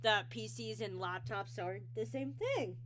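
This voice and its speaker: A woman's voice: medium pitch, a little slow, a bit bright, a little hiss or hum. A young woman hosting a casual online interview, rambling and sidetracked, with lots of ums and restarts. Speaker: interview show host.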